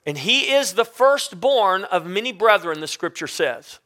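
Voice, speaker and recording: A man's voice: high-pitched, animated, unhurried, bright, forceful tone, dry recording, clean studio sound. A man preaching a sermon as pastor, rising and falling for emphasis and calling out to the congregation.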